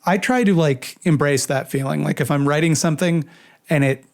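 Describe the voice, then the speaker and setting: A man's voice: on the high side, normal speed, creaky. A man, a video creator, answering fan questions in a casual, self-deprecating, joking monologue.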